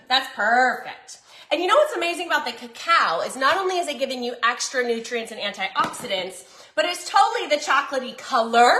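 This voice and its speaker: A cooking vlogger with a Southern accent chats casually with her viewers while she cooks in her home kitchen. Her high-pitched voice is pushed and bright, chatty and bubbly, and the sound is roomy.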